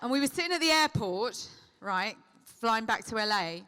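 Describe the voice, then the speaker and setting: A middle-aged woman answering fan questions at a convention, chatty and quick to call people darling while telling lively anecdotes. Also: on the high side, smooth. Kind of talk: convention Q&A storytelling.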